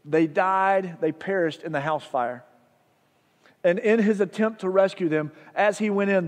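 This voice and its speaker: A male pastor preaching a sermon, telling a story with soft, hushed passages and loud rises. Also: high-pitched. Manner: storytelling, dropping soft for drama and rising loud. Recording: long hall reverb.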